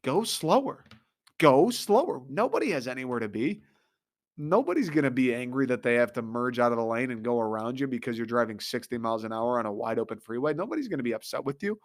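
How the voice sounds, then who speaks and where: A man's voice: medium pitch, animated, fast. Exasperated man ranting with profanity. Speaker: podcast host. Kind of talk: comedic rant.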